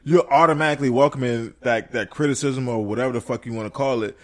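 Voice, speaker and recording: A man co-hosting a podcast in casual chat, laid-back and quick to agree with his partner. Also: mid-range voice. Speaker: podcast co-host.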